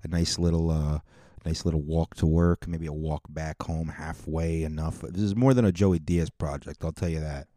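A man's voice: rumbling low, fairly even intonation, moderate pace, dark tone, dry recording, clean studio sound. A man hosting a casual solo podcast, talking in a rambling, offhand way. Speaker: podcast host.

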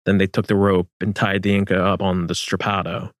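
A man reading historical fiction as narrator in a measured, solemn manner. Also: sits low, flat delivery, dry recording, clean studio sound.

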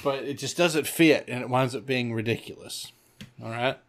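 A man co-hosting a casual movie-review podcast, telling scenes in an animated way and laughing often. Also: medium pitch, moderate pace. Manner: animated storyteller, laughs often, acts out quotes. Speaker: podcast co-host.

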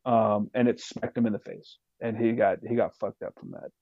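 A man telling a profane, animated war story as a podcast guest. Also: fairly low pitch, moderate pace, no echo, muffled recording. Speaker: podcast guest, retired soldier. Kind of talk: casual storytelling.

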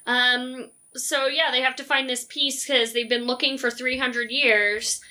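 A woman co-hosting a casual movie-review chat, talking in long animated runs with jokes and many ums. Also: high-pitched, unhurried. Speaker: podcast co-host.

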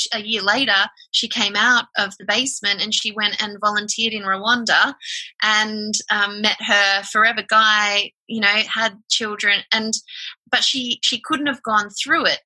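A woman talks in a loose, rambling way, stopping and restarting her sentences. Her voice is very bright and a little husky. It sounds like a relaxed podcast conversation. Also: mid-range voice, rough recording. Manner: rambling, halting, many restarts. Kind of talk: casual chat.

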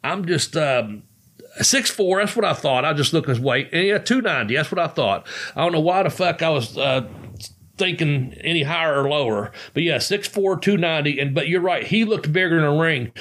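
This man hosts a casual podcast, rambling through loose stories and swearing a lot. His voice sits on the higher side with a fairly bright tone, and he speaks expressively at a moderate pace.

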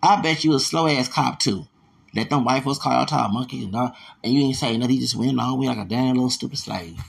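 A man's voice: medium pitch, fast, creaky. A man hosting a podcast, delivering an angry, profane, confrontational rant that circles back on itself. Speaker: podcast host. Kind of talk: angry ranting monologue.

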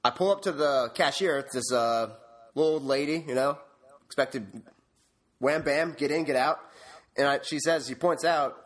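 Young man, podcast co-host, high-pitched, profane rant, laughing. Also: moderate pace. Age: 20s. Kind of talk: casual ranting storytelling.

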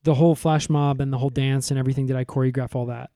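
A man co-hosting a comedy podcast, recapping in a rambling, deadpan way with lots of fillers. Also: mid-range voice, very fast, dry recording, studio quality.

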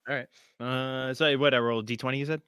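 A man's voice: medium pitch, fast talker, smooth, dry recording, studio quality. A man playing a tabletop game, chatting casually and joking about his dice rolls. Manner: jokey and animated. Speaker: player.

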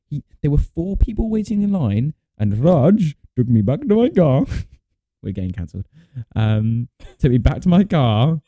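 Young man, chatty and dark-voiced. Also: medium pitch, no room sound. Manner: rambling storyteller, swears, laughs a lot. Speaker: podcast co-host. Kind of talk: casual chat.

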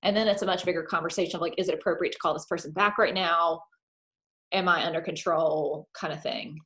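A woman's voice: lowish voice, brisk. A woman talking casually and openly, full of "like" fillers, who acts out her own thoughts in quoted voices. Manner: chatty, animated, filler-heavy with lots of "like". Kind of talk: casual chat.

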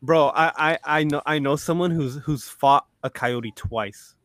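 A man's voice: a little high, a little slow, a bit bright, a little hiss or hum. A young man co-hosting a podcast, chatting casually, laughing often and saying "bro" constantly. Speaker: podcast co-host. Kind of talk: casual chat.

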